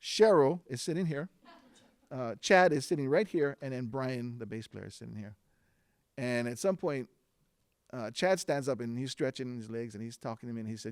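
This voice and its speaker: A man telling a personal story on stage before a live audience, relaxed and chatty, with fillers and restarts. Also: medium pitch, normal speed, no echo, studio quality. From Hawaiʻi.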